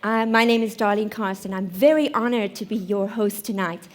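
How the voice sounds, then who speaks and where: A woman's voice: medium pitch, normal speed, slight background noise. A woman from South Africa with a South African accent, hosting a comedy show with a playful, self-mocking stand-up monologue on stage. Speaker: host. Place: live studio stage.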